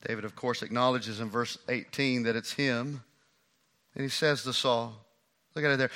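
A man preacher delivering a lively, conversational sermon and acting out a scripture story. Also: mid-range voice, normal speed.

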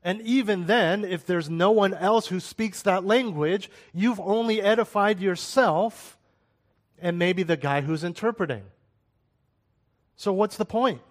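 A man's voice: sits high, a little slow. A man giving a sermon-style Bible teaching in a conversational way, with rhetorical questions and asides.

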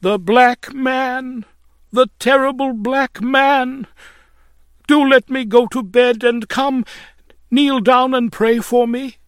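A man's voice: extremely high pitch, fairly even intonation, slow, smooth, dry recording, studio quality, voice pushed up. A man voicing a desperate, drunken young woman who cries out in terror and pleads, in a dramatic reading of an old tract. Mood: terrified.

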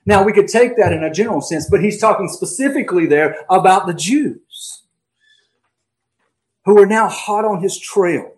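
A male pastor preaching an emphatic sermon, slowing down and swinging between loud stresses and quiet asides. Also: high-pitched, poor audio. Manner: emphatic preaching with dramatic pauses and swings in volume.

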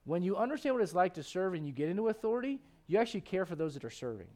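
A man in his thirties, a pastor preaching a lively, conversational sermon with frequent restarts. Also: high voice, very fast.

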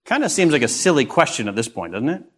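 Guy preaching a sermon, kinda high voice, earnest, lots of rhetorical questions. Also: very animated, quick pace, breathy edge.

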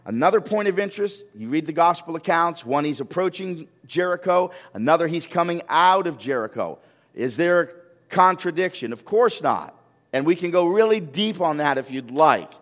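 A man preaching a sermon as a pastor, animated, firing rhetorical questions and repeating words when he gets excited. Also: fairly high pitch, moderate pace. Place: church sanctuary. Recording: long hall reverb.

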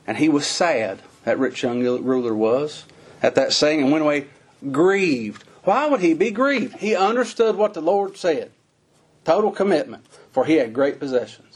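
A man preaching a folksy sermon, his voice climbing high on the emphatic lines. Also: animated, normal speed, husky.

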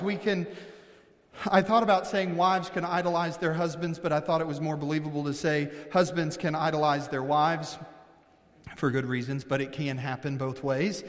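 A man from Missouri preaching a sermon as pastor, earnest, slowing down for emphasis and often restarting his sentences. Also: fairly high pitch, long reverb tail.

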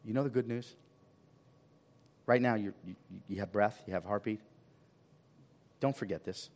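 A man's voice: on the low side, normal speed, a little mellow, long reverb tail. A man preaching a sermon as pastor, asking the congregation questions and repeating phrases for emphasis. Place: church sanctuary.

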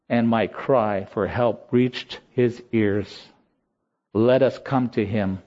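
A man preaching a sermon in a slow, earnest voice that rises in emotional peaks. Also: medium pitch, a little mellow. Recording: slightly dull lo-fi sound.

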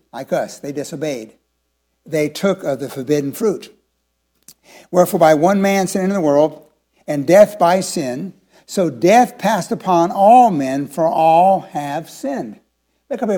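A high-pitched voice marks this sermon from a pastor in his seventies. He questions his congregation and shifts from quiet, confiding passages to forceful proclamations.

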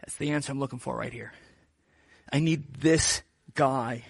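A man voicing a calm male teacher who speaks in a casual, offhand way in a retelling from a sermon. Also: medium pitch, normal speed, gravelly, husky, no room sound, studio quality, voice pushed down.

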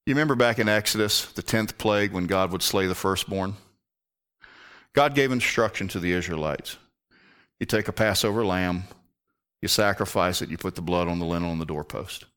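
A man preaching an earnest sermon in a low, deep voice. He leans into his points and drops almost to a whisper when he wants them to land. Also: normal speed, clean tone. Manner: earnest, drops to a hushed near-whisper for emphasis.

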